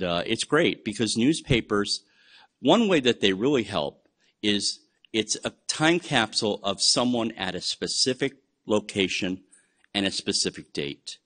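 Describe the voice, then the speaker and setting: A man's voice: lowish voice, fairly bright tone. A man from the United States giving a chatty, enthusiastic genealogy webinar lecture, with frequent fillers. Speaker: genealogy presenter. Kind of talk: webinar lecture on research methods.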